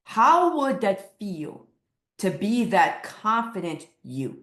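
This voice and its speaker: A woman's voice: medium pitch, big pitch swings, takes it slowly, fairly bright tone, roomy sound. A woman weight loss coach speaking to camera with emphatic, repeated motivational lines.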